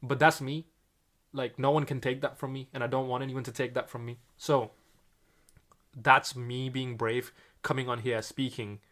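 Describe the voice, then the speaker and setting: A man's voice: medium pitch, level tone, moderate pace, fairly bright tone. Young man, Indian accent with British and American touches, earnest, restarts often, podcast co-host. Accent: Indian mixed with British and American. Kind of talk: reflective podcast chat.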